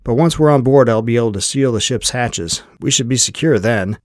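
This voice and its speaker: A man's voice: medium pitch, brisk, darkish tone, no room sound, clean studio sound, close to an everyday voice. A man reading the part of a tough, determined woman agent who talks in a clipped, no-nonsense way.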